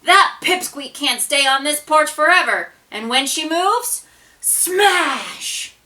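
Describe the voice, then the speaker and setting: Woman doing a storybook mayor, bossy and blustering, bright forceful voice, barking orders. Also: on the high side, huge pitch swings, slow, full character voice. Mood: threatening. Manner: barks angry orders and threats. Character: blustering, bullying male town mayor.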